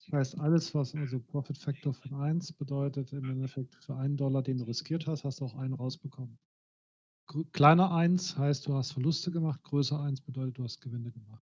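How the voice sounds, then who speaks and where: A man with a husky, slightly rough voice patiently explains trading figures step by step. His microphone sounds dull and lo-fi, muffling the top of his voice. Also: mid-range voice, darkish tone. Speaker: trader explaining statistics. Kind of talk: casual explanation.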